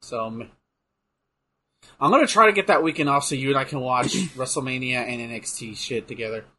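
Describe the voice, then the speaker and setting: Excitable bright-voiced man chatting. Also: mid-range voice, a little fast. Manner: excitable, swears, trails off in fillers. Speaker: podcast co-host. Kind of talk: casual chat watching wrestling.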